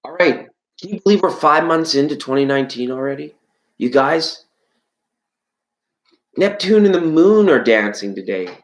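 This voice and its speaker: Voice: normal speed, pauses often, rough recording. Rambling, playful live tarot stream host. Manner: greets and answers viewers from chat; pitch leaps up suddenly when excited. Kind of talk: live-stream chat with viewers.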